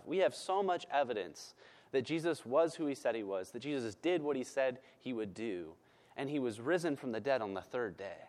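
A man preaching a sermon as pastor, emphatic and repeating words for stress, then praying in a soft, slow voice. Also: mid-range voice.

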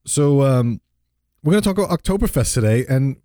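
A man's voice: mid-range voice, lively intonation, brisk, warm tone, dry recording, studio quality. A man hosting a podcast in a jokey, rambling casual chat and laughing often. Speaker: podcast host.

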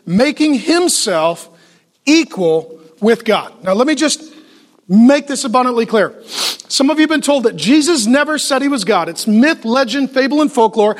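High-voiced man preaching emphatically. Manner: emphatic, with rapid lists and rhetorical questions; joking asides to the audience. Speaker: pastor. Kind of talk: sermon.

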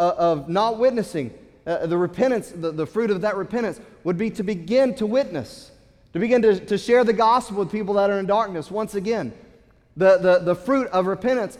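A man with a high voice delivers a Sunday sermon, pressing his points hard and doubling back on his words. His voice carries a long reverb from the church sanctuary around him. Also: darkish tone. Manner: emphatic preaching with repeated words and restarts. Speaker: pastor.

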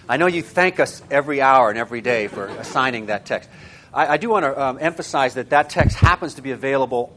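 A man's voice: mid-range voice, a bit bright. A male lecturer speaking in a middle register to a class of teachers. He thinks aloud, circling through fillers and restarts before stressing his key terms with punchy emphasis. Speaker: seminar lecturer.

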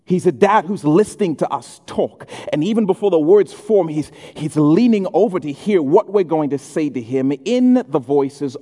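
A man preaching a sermon in a church hall, telling stories with humor and doing quick impressions. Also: a little high. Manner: humorous, animated storytelling with impressions. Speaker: pastor. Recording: echoey hall.

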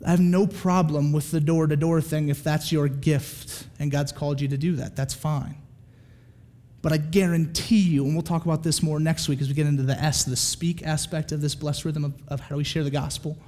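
A man preaching a sermon in a casual, animated way, often checking in with his listeners. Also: fairly high pitch, fairly quick. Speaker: pastor.

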